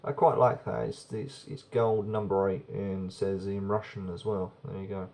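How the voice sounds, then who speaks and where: Chatty man reviewing beer, low mellow voice. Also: flat delivery, normal speed, creaky. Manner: chatty, rambling, repeats words. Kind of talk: casual video review.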